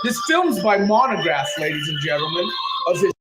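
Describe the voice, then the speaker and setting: A man's voice: sits high, lively intonation, normal speed, over music. A man hosting his channel, ranting angrily and profanely at a rival. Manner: angry, profane, accusatory. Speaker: channel host. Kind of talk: ranting commentary. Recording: echoey room with faint noise.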